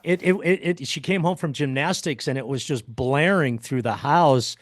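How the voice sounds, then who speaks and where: A man hosting an interview, eager and a bit halting, often repeating words. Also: on the high side, no room sound, studio quality. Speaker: podcast host. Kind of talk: casual interview chat.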